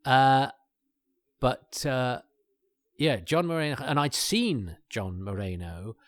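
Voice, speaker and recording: A man's voice: mid-range voice, lively intonation, takes it slowly, dry recording. A man talks through an old episode in a casual commentary, rambling with many restarts and fillers and chuckling asides. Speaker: podcast host.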